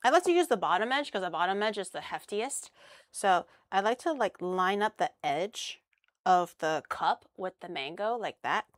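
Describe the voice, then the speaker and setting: Young woman streamer, loose and crude, mid-pitch, dry close-mic sound. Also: lively intonation, moderate pace, no room sound. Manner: chatty, crude jokes, swears casually. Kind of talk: casual cooking stream chat.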